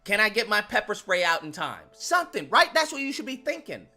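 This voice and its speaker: Man, commentary rant, very lively pitch, sharp bright voice, repeats himself for emphasis, swears a lot. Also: fairly quick, few pauses, soft background music. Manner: emphatic, repeats lines for effect, profane. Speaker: commentary channel host.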